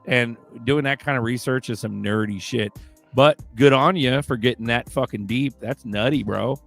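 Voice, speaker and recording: A man co-hosting a casual chat, talking in excitable, profane slang. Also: mid-range voice, moderate pace, gravelly, soft background music. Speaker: co-host.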